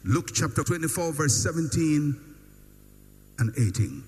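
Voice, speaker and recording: A man's voice: on the high side, sing-song, measured pace, darkish tone. A man preaching a sermon, with emphatic, repetitive build-ups and rhetorical questions. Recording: long hall reverb with faint hum.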